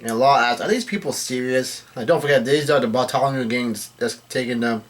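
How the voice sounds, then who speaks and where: A man giving a casual read-through of a comic chapter, relaying the characters' lines in a plain voice and often correcting himself as he goes. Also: medium pitch. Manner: halting, self-correcting delivery. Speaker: manga chapter recapper.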